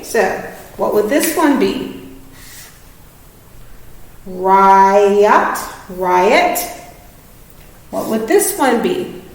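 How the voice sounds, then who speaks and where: A woman teacher giving a patient, encouraging reading lesson to children, often checking that they follow. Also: a little high. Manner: patient, encouraging, asks many checking questions. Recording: echoey room, voice from far off.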